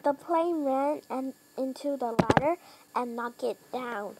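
Slow, high-voiced woman reading a storybook. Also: very noisy. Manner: slow, careful reading with small slips and self-corrections; lifts pitch and volume for characters' lines. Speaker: reader. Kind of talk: reading a children's storybook aloud.

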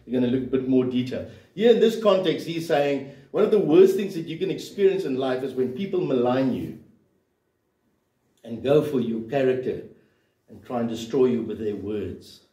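A pastor delivers an emphatic sermon packed with rhetorical questions in a church hall. He speaks at a normal speed in an expressive, medium-pitched voice with a dark tone. The room echoes, and he sounds far from the mic.

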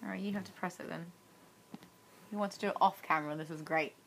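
A woman's voice: fairly low pitch, fast, a bit bright, slight background noise. A young woman chatting casually on her daily challenge vlog, teasing her husband and giggling a lot. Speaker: vlogger.

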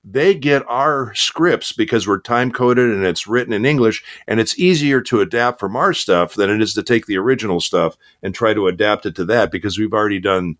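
Older male guest, low voice, relaxed anecdotal delivery, lots of "uh". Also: a little fast, hardly any pauses. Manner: relaxed storytelling with many fillers. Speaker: voice actor guest. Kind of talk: casual interview chat.

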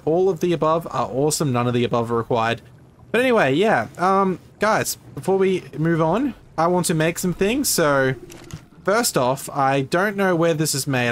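A man's voice: fairly high pitch, fairly bright tone, a little hiss or hum. An Australian man giving casual, self-mocking commentary as he plays a survival video game for his channel. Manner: chatty and self-mocking, with frequent ums and laughs. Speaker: gaming YouTuber. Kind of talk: casual let's-play commentary.

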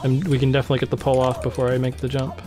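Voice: mid-range voice, completely flat delivery, very fast. Speedrun streamer, playful banter, casual live commentary, game music behind.

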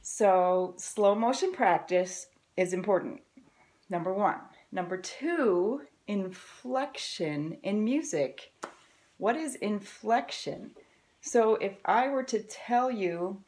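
A woman's voice: mid-range voice, expressive, slow, darkish tone. An upbeat woman teaching violin straight to camera. She walks through her points one by one and keeps the tone friendly and encouraging. Her voice sits in an ordinary middle register. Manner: upbeat, encouraging, explains step by step. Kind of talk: friendly music lesson to camera.

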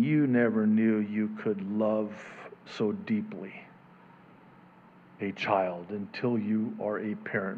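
A male pastor preaching a conversational sermon, swinging between loud emphatic peaks and soft low murmurs, chuckling at his own asides. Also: phone-quality sound, a little hiss or hum.

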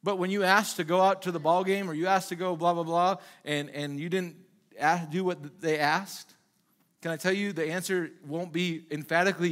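A pastor preaching a sermon in a loose, conversational way, asking the congregation rhetorical questions and acting out little quoted exchanges. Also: male voice, sits high, fairly even intonation, normal speed, a bit bright. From Minnesota.

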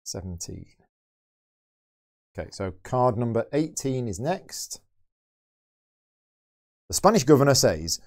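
A man's voice: mid-range voice, sing-song, takes it slowly, pauses often, a little mellow. A man hosting a board game channel, thinking aloud as he plays through a solo game and explains each move. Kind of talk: solo game playthrough commentary.

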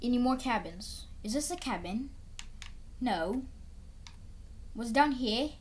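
Woman gamer, casual commentary, chatty, repeats phrases, animated, rather high voice. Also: slow. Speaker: gameplay video creator.

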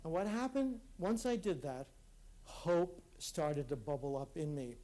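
Speaking live in a hall to a conference audience, a man with a fairly high, dark voice reflects on personal matters. His intonation is lively, yet he speaks earnestly and haltingly, frequently starting sentences over.

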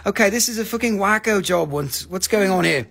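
A man hosting a live stream that sells crystals, talking in an excitable, joking, profane and rambling sales patter. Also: high voice, fairly quick, gravelly, breathy edge.

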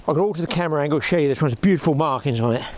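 A fishing vlogger in middle age rattles off rapid-fire commentary to camera from a windy lake bank outdoors. His pitch is fairly high and his tone darkish, and he chats to viewers as "people" and "boys" through a clip-on mic with a lead.

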